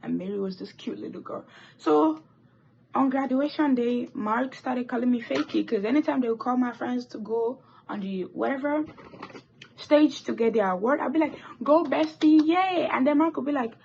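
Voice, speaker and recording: Gravelly-voiced teen girl rambling a story. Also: on the high side, moderate pace, dull audio, a little hiss or hum. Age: teens. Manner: rambling, animated storytelling with swearing and asides. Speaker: vlogger. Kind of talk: chatty get-ready-with-me story time. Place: indoors doing makeup.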